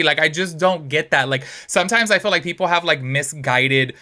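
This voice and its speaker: Guy doing a chatty commentary video, bright voice, kinda high, keeps saying like and y'all. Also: brisk, hardly any pauses. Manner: chatty, animated, heavy use of "like" and "y'all". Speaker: YouTube commentary host. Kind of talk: casual commentary.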